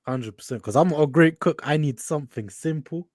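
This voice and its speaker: Young-sounding London caller, polite and hesitant, dry close sound. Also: male voice, on the high side, a little fast, a little mellow, no room sound. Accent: London English. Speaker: caller on a live stream. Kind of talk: asking questions on a live call.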